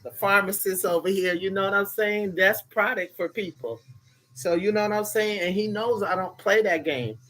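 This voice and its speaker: A man's voice: high voice, moderate pace, fairly bright tone, rough recording. A man chatting with viewers on a casual phone live stream from his bed, rambling, annoyed and profane while sweet-talking his audience. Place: in bed at home under a cover. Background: faint music from another room.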